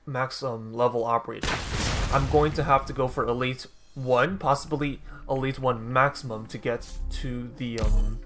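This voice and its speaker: A man's voice: mid-range voice, fairly even intonation, moderate pace, over music. A man giving casual, rambling commentary over his own gameplay, often correcting himself and dropping dry sarcastic asides. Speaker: gaming YouTuber.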